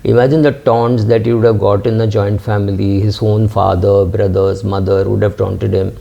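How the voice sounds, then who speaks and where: Speaking at normal speed with little pitch movement, a middle-aged finance channel host casually answers viewer questions from the comments, hesitating often with fillers and restarts. His voice is low, creaky and warm, captured in dull lo-fi audio.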